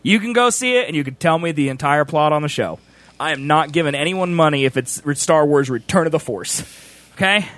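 A young man co-hosting a podcast in casual chat, animated and laughing often, with a sing-song delivery. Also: on the high side, brisk, no echo. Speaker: podcast co-host.

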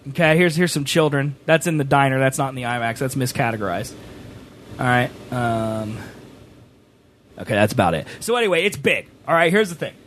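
A man telling a rambling story on a stream, animated, sometimes rising to a shout. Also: mid-range voice, brisk, slight background noise. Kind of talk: casual storytelling chat.

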